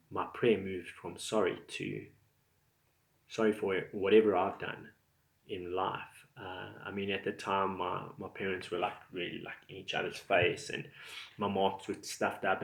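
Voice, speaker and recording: A man telling a personal story in a casual, rambling way, full of fillers, growing animated. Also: deep voice, vocal fry, reverberant. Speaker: vlogger telling his testimony.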